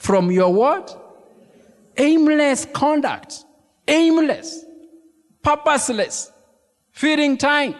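Lively preacher in a big echoing hall. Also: male voice, extremely high pitch, slow pace, pauses often. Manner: animated preaching with emphatic repetition and congregation questions. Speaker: pastor. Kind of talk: sermon. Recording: long reverb of a large hall.

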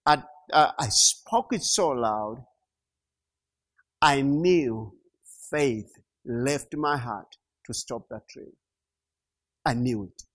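A middle-aged man preaching a sermon, slow and emphatic, repeating key phrases and rising to loud peaks. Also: medium pitch. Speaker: pastor.

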